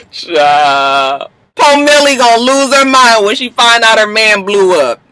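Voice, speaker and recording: A woman casually recapping a TV episode in an animated, chatty way, swearing freely and acting out the characters. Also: on the high side, moderate pace, low-quality recording. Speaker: TV recap YouTuber.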